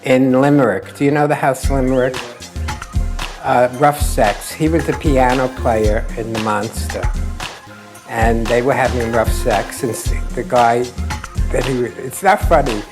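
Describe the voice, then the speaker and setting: A man's voice: medium pitch, fairly even intonation, measured pace. Chatty, sassy man telling a tale. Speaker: interviewee. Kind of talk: gossipy storytelling in an interview. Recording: music bed behind voice.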